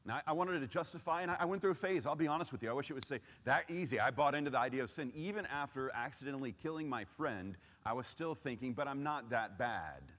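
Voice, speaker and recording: A man telling his personal testimony earnestly, swinging between loud urgency and hushed, heavy pauses. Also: medium pitch. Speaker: speaker giving testimony. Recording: long reverb of a large hall.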